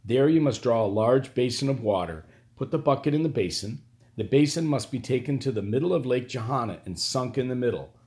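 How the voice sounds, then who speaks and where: Cunning court magician, older male, quietly theatrical and calm, as voiced by a male narrator. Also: medium pitch, brisk, pitched above the performer's own voice, lightly acted. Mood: measured.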